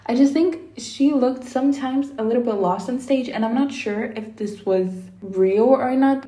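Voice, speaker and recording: A woman's voice: medium pitch, mellow, echoey room. A woman giving casual, opinionated commentary as a vlogger, chatty and full of praise. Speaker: vlogger reviewing performances.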